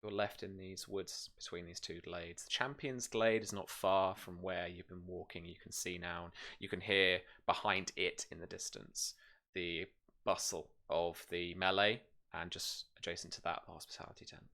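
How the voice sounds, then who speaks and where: A man's voice: deep voice, fairly even intonation, moderate pace, pushed and bright. A man narrating as game master, describing scenes in loose speech with many fillers and restarts.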